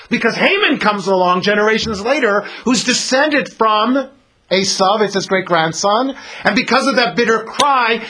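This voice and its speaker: A man teaching a scripture lesson, dramatic, swinging from loud to hushed. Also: high voice, husky.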